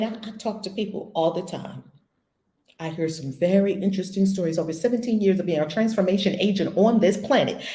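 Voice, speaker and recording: A woman giving a spiritual lesson as a teacher, blunt and animated, swearing casually. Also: lowish voice. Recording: echoey room.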